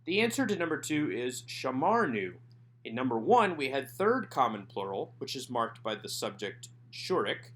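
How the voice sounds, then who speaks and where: A man narrating a recorded language lesson over slides, sounding out words slowly and carefully. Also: mid-range voice, big pitch swings, fairly bright tone. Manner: slow, careful enunciation of Hebrew words. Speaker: Hebrew teacher.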